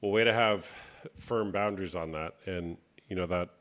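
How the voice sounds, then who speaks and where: A man hosting a live stream chat, speaking in a calm, reflective coaching tone. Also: sits low, moderate pace. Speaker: host.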